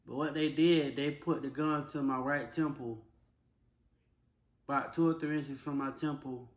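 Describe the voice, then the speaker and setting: A young man, telling a personal story in a plain, casual, drawn-out way. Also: medium pitch, steady tone, roomy sound. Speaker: vlogger.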